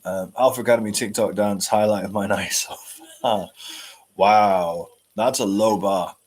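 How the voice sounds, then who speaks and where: A man's voice: lowish voice, steady tone, a little slow, darkish tone. A man hosting a live stream, chatting and answering viewer comments with dry jokes. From United Kingdom. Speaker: host.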